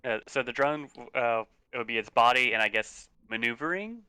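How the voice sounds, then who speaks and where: A man at a tabletop game thinks aloud about the rules in a hesitant way. His voice is bright and smooth at a middle pitch. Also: expressive, a little fast. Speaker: player.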